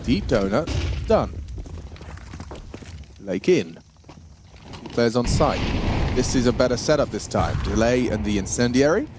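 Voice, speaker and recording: Excitable guy calling cs plays, voice jumping all over, gunfire behind. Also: medium pitch, a little slow, pauses often, background noise. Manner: excitable, playful. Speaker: esports caster. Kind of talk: play-by-play commentary. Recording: gunfire and game sounds behind.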